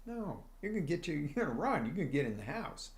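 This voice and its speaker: A male life coach giving an energetic motivational talk on a live stream, speaking straight to his viewers and acting out little scenes. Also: on the high side, rapid-fire.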